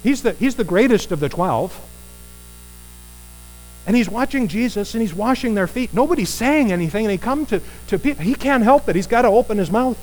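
A man preaching a conversational sermon, animated and putting rhetorical questions to his listeners. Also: high voice, brisk, rough recording.

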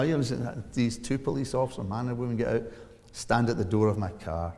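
A Scottish man in his forties preaching a sermon, telling a story with big swings in pitch and loudness. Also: steady tone, a little fast, long reverb tail. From Scotland. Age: 40s. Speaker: pastor. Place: church.

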